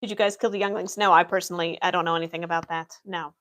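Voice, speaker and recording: Racing through her answers in a steady, fairly bright voice of fairly low pitch, a young adult woman hosts an in-character livestream Q&A. She plays an Imperial office worker and meets chat's questions with dry, matter-of-fact humor.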